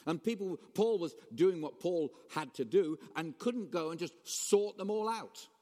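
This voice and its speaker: A man preaching a sermon as pastor, animated, swinging between raised emphasis and quiet asides. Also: high-pitched, unhurried. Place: church hall. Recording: long reverb of a church hall.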